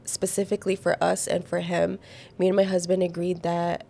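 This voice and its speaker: Gravelly low-voiced woman, chatty guest. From United Arab Emirates and the Philippines. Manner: animated, quick storytelling with many fillers. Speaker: podcast guest. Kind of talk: casual chat.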